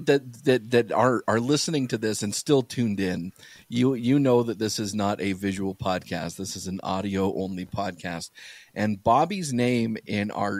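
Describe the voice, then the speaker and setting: A man with a low voice hosts a casual podcast. He talks in loose, rambling runs with plenty of fillers and restarts. The recording is dry and close to the mic. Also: no echo. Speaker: podcast host.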